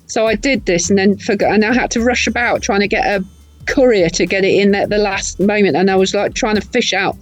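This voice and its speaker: A woman's voice: medium pitch, a little fast, rough recording. An older woman, a guest artist and writer, telling stories in casual, salty chat. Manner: chatty storyteller, swears casually.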